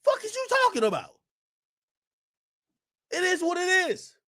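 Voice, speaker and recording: A man ranting loudly and profanely to his chat during a live stream reaction. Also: extremely high pitch, huge pitch swings, measured pace, no echo, studio quality. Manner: loud, profane ranting, often shouting; talks to his chat and laughs between bits.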